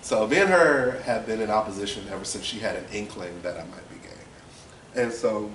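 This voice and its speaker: Brief: young man, low voice, candid rambling storyteller; distant, echoey recording. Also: moderate pace, a bit bright. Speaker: interviewee. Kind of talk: personal storytelling. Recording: roomy, distant, noisy ambience.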